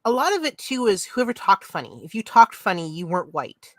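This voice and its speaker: A woman's voice: mid-range voice, very animated, brisk, no room sound. A woman in casual podcast talk, explaining her points in a thoughtful way. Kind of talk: casual chat.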